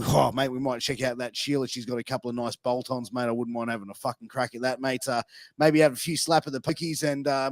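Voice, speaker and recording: A man's voice: fairly high pitch, no echo, clean studio sound, lightly acted. A man with an Australian accent voicing a rowdy, crude Australian bogan who says "mate" constantly.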